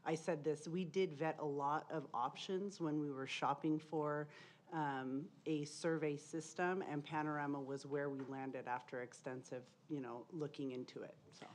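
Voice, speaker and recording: A woman's voice: low voice, fairly even intonation, moderate pace, a little mellow, a little hiss or hum. A woman on a school board making spoken remarks at a meeting, rambling a bit and correcting herself with fillers.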